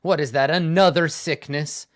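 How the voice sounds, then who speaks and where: A man voicing a grumpy, sarcastic male dwarf soldier in a tabletop game, speaking gruffly with weary sighs. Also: a little high, steady tone, normal speed, a bit bright, pitched above the performer's own voice, lightly acted. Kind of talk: tabletop role-play voicing.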